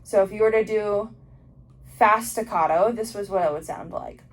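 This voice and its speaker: A woman's voice: mid-range voice, normal speed, background noise. A young woman teaching oboe articulation in a casual instructional video, explaining with frequent ums and likes.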